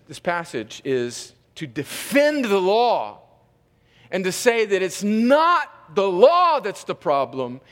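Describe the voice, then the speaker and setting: A man with a high-pitched voice preaches an expository sermon. He reads scripture aloud and stops to comment between the verses. He talks with emphasis and often repeats a word as he rephrases. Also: a bit bright, in a large hall. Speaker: pastor.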